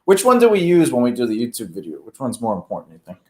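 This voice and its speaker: A man's voice: mid-range voice, wildly swooping pitch, quick pace. A man co-hosting a show, joking and chatting casually while he sets up cameras for a live stream. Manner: joking, teasing, talks while busy. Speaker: podcast co-host. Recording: echoey room, faint noise.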